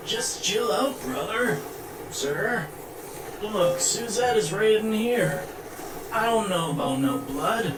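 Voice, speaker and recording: A man voicing a laid-back, shifty slacker husband in a video game, talking in a slow drawl. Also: high voice, animated, echoey room, very noisy.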